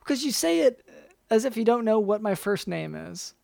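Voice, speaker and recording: A man co-hosting an improvised comedy podcast as a doctor, with a gravelly voice and a hesitant, rambling way of talking full of restarts. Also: high-pitched, sing-song, moderate pace, darkish tone, no echo. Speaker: podcast co-host playing a doctor.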